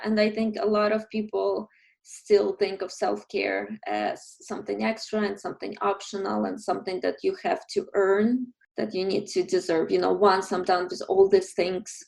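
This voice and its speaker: A woman's voice: mid-range voice, vocal fry, a little mellow. A woman hosting a podcast, agreeing with her guest and asking encouraging questions in a conversational interview. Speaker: podcast host.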